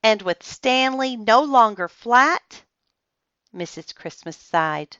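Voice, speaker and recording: A woman reading a children's book aloud in a slow, expressive storytelling manner. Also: a little high, no room sound, highs cut off.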